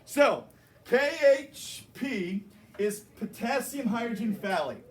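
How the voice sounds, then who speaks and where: A man's voice: high voice, big pitch swings, takes it slowly. A man teaching a chemistry class, explaining and joking with his students as he goes. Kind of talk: classroom lecture.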